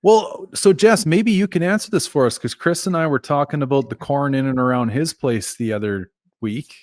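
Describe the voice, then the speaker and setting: A man's voice: medium pitch, normal speed, a little mellow, no room sound. A laid-back man from Canada hosts a casual podcast chat, chuckling and swearing now and then. His voice sits in the middle range for a man, and the recording is dry and close. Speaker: podcast host.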